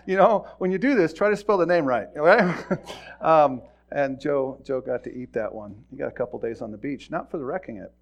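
A man's voice: fairly high pitch, moderate pace, lo-fi sound. A middle-aged man, a pastor, giving a folksy sermon full of stories, often repeating words and chuckling as he tells them. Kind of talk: sermon with storytelling.

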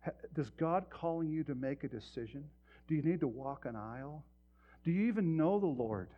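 A man's voice: on the high side, animated, normal speed. A male pastor delivering a sermon in a church, talking directly to the congregation with rhetorical questions. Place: church sanctuary. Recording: muffled lo-fi sermon recording.

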